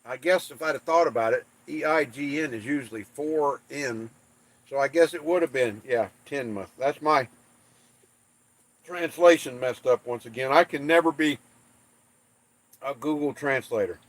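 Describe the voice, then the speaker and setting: A man's voice: a little high, normal speed, pauses often, dry recording. A man from the United States hosting a livestream, reading viewer comments and joking about English place names in playful trash talk. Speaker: livestream host.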